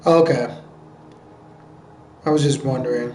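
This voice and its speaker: An American man chatting casually with viewers during a live game stream, joking and answering their questions out loud. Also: a little high, expressive, unhurried, a little hiss or hum. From United States. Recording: roomy echo with faint background music.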